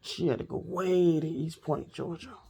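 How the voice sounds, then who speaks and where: A woman's voice: low-pitched, moderate pace, gravelly, dark tone, husky. A woman telling a personal story straight to her viewers in a casual, blunt, profane way. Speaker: storytelling vlogger.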